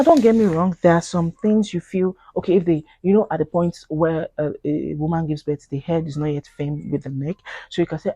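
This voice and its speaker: Here a vlogger with a Nigerian accent speaks briskly to the camera in a low voice with a breathy edge, and there's no room sound. She's animated, earnest and pleading in a casual way, voicing quoted people in Pidgin.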